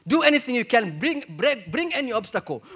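A male pastor preaching a sermon in an animated way, moving between hushed asides and loud, emphatic cries. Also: extremely high pitch, brisk, husky.

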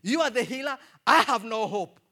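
A desperate mother pleads for her sick daughter, pressing the same demand again and again, as a man puts her on. The voice sits high and swings widely, climbing with each insistent plea. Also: expressive, moderate pace, pushed and bright, heavily acted. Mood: pleading, determined. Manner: pleading, insistent, rising repetitions.

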